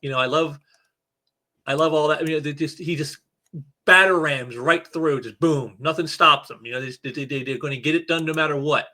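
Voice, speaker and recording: Slightly high and pushed-bright, this man's voice moves at a normal speed. Reading a comic book aloud as he reviews it casually, he rambles, restarts often, uses many fillers, and leans on key words for emphasis.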